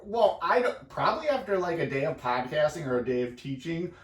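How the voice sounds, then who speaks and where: A man co-hosting a casual podcast, relaxed and teasing, laughing often as he tells a story. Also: on the high side, brisk, echoey room, far from the mic, crowd noise. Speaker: podcast co-host. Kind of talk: casual chat.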